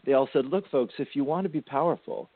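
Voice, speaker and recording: A spiritual intuitive radio host with a mid-range voice and a quick pace gently counsels a caller in a soothing, affectionate way, calling them sweetie and darling. The audio has a tinny phone-line quality with a little hiss or hum.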